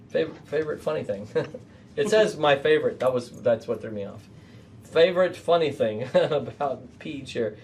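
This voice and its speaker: A man's voice: mid-range voice, a little mellow. A man hosting a casual panel chat, joking and laughing often. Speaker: host. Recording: distant mic, faint background noise.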